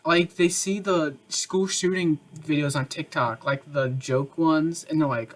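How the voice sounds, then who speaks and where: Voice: medium pitch, unhurried, few pauses, rough recording. A podcast co-host in casual chat, sarcastic and jokey, often mocking other people's voices.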